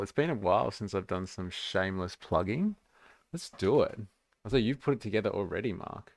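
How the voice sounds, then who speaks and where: Gravelly low-voiced man chatting. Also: expressive, normal speed, darkish tone, dry recording, clean studio sound. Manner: joking, chatty, laughs at clips. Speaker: livestream host. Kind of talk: casual livestream chat.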